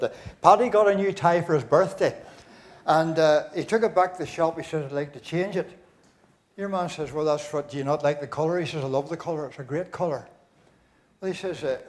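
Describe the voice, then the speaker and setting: An older man with a Northern Irish accent, compering a concert in a large church and telling jokes through a stage microphone, chuckling and rambling with many fillers and restarts. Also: fairly high pitch. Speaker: master of ceremonies.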